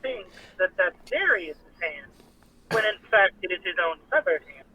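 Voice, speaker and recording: This is a high-pitched man narrating his character in a tabletop role-play. His delivery is playful. The mic is dull and lo-fi, with a faint hiss behind him. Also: sing-song, moderate pace, bright, forceful tone. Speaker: tabletop game player.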